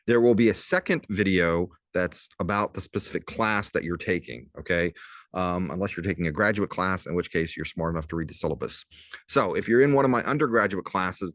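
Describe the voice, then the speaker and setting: A low-pitched man in his fifties with a faint Southern accent talks his students through a casual recorded lecture. He is chatty and wry, slowing right down to spell words out. The sound is dry and close. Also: dry recording. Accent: slight Southern US. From southern Louisiana. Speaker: professor.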